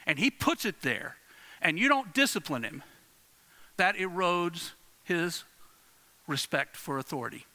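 A middle-aged male pastor preaches a sermon in a high, very bright voice. He tells stories through repeated phrases, swinging dramatically from a hush to a loud rise. The long reverb of a large hall rings around him.

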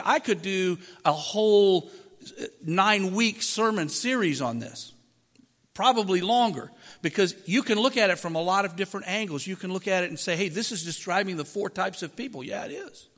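Pastor, male, high-pitched voice, preaches conversationally with rhetorical questions, miked, long hall reverb. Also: fairly bright tone. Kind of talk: sermon. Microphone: microphone.

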